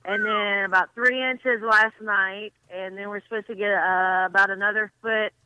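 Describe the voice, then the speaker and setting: A woman's voice: mid-range voice, fairly even intonation, normal speed, pushed and bright, muffled recording. A woman from Georgia, a band booking agent, chatting as a guest over the phone on a radio show and laughing often. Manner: friendly and giggly, laughs often. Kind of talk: casual phone interview.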